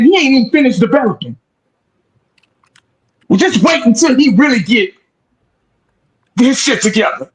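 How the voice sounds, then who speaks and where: A man's voice: extremely high pitch, a bit bright, poor audio. A man hosting a casual sports talk show, emphatic and profane, tagging his points with 'man'.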